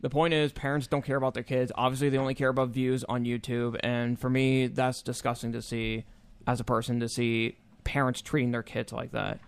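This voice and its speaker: A man's voice: mid-range voice, flat delivery, a little fast, gravelly, clean tone, no echo. A man co-hosting a casual sports talk show, ranting with indignation. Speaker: co-host. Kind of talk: casual sports chat opinion segment.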